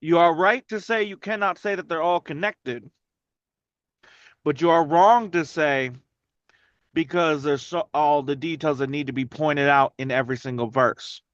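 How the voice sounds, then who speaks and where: A man teaching a casual Bible study with a fairly high voice. He is direct and corrective but encouraging. The recording sounds dull and dry. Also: moderate pace, fairly bright tone, dry recording.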